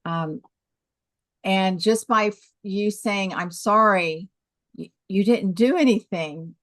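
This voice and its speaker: Woman giving calm, reassuring advice. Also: medium pitch, takes it slowly, dry recording, clean studio sound. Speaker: club member, author. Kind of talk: supportive conversation.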